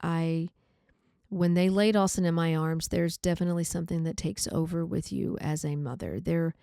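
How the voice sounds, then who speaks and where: A podcast host telling her own story, candid and halting, with many pauses and fillers. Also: fairly low pitch, fairly even intonation, creaky, warm tone, smooth, no room sound, clean studio sound. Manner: candid, halting, reflective, says like often. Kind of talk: personal storytelling.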